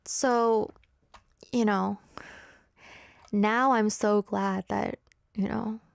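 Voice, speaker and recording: A woman's voice: mid-range voice, steady tone, extremely slow, creaky, no room sound. A woman hosting a radio show, chatting on air in a candid, self-mocking way into a studio microphone. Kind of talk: casual on-air chat.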